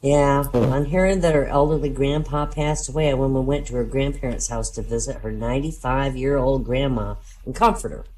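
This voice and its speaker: An older woman hosting an online comedy show, telling short jokes with brisk punchlines and leaping into high voices for characters. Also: darkish tone, slight background noise, poor audio. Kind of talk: casual joke telling in a voice chat room. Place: home, online voice chat.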